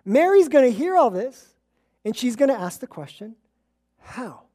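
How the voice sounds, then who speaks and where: A woman preaching a relaxed, conversational sermon, telling stories and chuckling as she acts out the people in them. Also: on the high side, moderate pace. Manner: storytelling, acts out quoted voices, chuckles.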